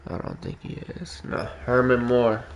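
A man on a game stream talks to his chat in loose slang, drawing his words out slowly. His voice carries a gravelly, fry-heavy edge. He ribs his viewers playfully between plays. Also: medium pitch, fairly even intonation, a little hiss or hum. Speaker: gaming streamer. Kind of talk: casual live-stream chat while playing.

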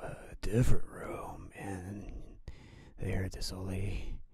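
Slow, whispery spooky storyteller man. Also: low voice, completely flat delivery, gravelly, dark tone, a little hiss or hum. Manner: half-whispered, rambling, with fillers.

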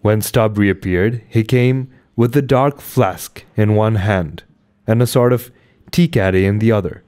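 A man reading a classic novel aloud, carefully and unhurried, then chatting casually to listeners. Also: lowish voice, darkish tone, clean tone. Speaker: audiobook reader. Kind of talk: amateur audiobook reading and casual sign-off.

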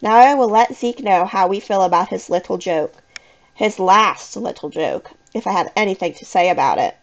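A woman voicing an angry female drama teacher who demands answers in a sharp, scolding manner. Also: medium pitch, animated, normal speed, lo-fi sound, close to an everyday voice. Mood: stern.

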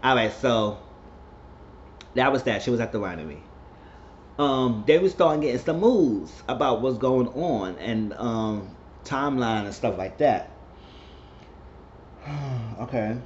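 A man's voice: mid-range voice, expressive, takes it slowly, pauses often, highs cut off, a little hiss or hum. A man chatting casually through a TV show recap, retelling the plot with plenty of fillers.

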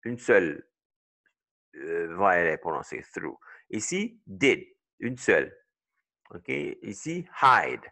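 Gravelly low-voiced male English teacher. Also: sing-song, fairly bright tone. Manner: explains slowly, switching between English and French. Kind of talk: bilingual language lesson.

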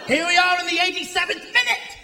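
A comedian putting on the voice of an excited British soccer announcer giving breathless commentary before a laughing live crowd. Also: male voice, very high-pitched, brisk, echoey room, slight background noise, exaggerated voice. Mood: overexcited. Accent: put-on British. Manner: breathless, over-thrilled commentary.

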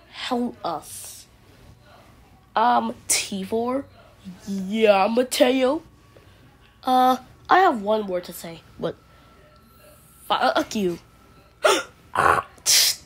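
Brief: woman, slightly high-pitched and husky, silly improvised skit voice. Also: fairly bright tone. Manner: silly, playful, jumps between voices. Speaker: video creator. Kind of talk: goofy improvised play-acting.

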